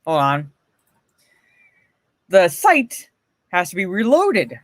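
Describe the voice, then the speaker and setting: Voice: medium pitch, wildly swooping pitch, slow pace, no room sound. A livestream host talking casually to chat, blunt and profane, often laughing and greeting viewers by name from a home streaming setup.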